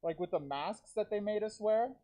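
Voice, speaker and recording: Mellow-voiced man doing dark stand-up. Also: high voice, moderate pace, low-quality recording. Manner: dark deadpan jokes with self-aware asides to the crowd. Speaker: stand-up comedian. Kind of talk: live stand-up set. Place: comedy theater stage. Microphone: talking through a deer mask.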